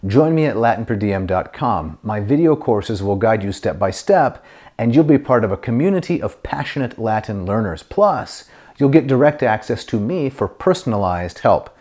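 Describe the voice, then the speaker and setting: A middle-aged man teaching Latin grammar, explaining step by step and reading Latin phrases slowly and clearly. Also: fairly low pitch, big pitch swings, darkish tone. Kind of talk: grammar lesson to camera.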